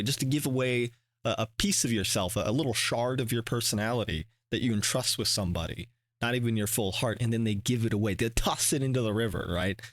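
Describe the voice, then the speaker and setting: A man's voice: medium pitch, no echo. Rambling, earnest man reacting to a song. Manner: rambling, earnest, many restarts and fillers, swears when animated. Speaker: reaction video host. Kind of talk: casual reflective commentary.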